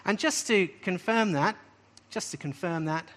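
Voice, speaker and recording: A man with a slightly high voice preaches to a live group. His delivery is emphatic, and he stresses key phrases by saying them again. He often finishes a point with a questioning "right?". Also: unhurried, a bit bright. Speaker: preacher teaching on scripture. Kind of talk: sermon-style teaching.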